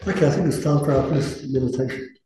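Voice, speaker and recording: Male meditation teacher, warm dark tone, easygoing and self-deprecating, recorded in a very reverberant hall. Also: medium pitch, quick pace, slight background noise. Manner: relaxed, conversational, self-deprecating. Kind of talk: dharma talk and guided meditation. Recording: very echoey room.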